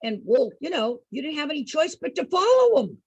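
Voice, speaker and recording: A woman entertaining program participants with an animated personal story, laughing often and asking her listeners questions. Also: high-pitched, brisk, dry recording, lo-fi sound.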